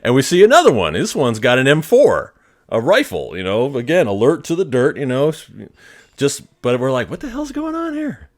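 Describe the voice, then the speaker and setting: A man's voice: medium pitch, moderate pace. A man hosting a podcast, casually telling a long personal story with swearing and chuckles. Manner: animated, profane, chuckling storyteller. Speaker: podcast host.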